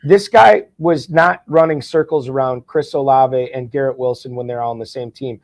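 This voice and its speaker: A man's voice: medium pitch, moderate pace, dry recording. A man talking as a podcast guest, eagerly making his points with frequent stammered restarts. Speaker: guest, fantasy football champion. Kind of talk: casual podcast chat.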